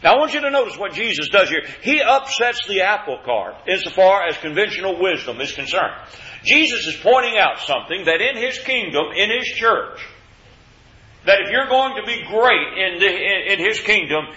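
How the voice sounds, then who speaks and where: A man's voice: sits high, bright, forceful tone, dull audio. A man preaching an earnest, conversational sermon, often restarting and repeating words.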